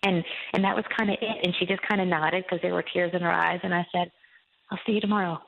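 A woman author talking as a guest on a Christian radio interview, telling a faith story in an earnest, halting way with many restarts. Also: lowish voice, steady tone, creaky. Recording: tinny phone line.

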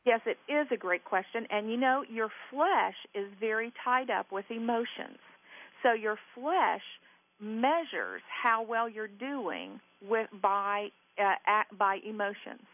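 Woman guest teacher on call-in radio; earnest, reassuring, pastoral; higher voice, dull broadcast sound. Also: takes it slowly, fairly bright tone.

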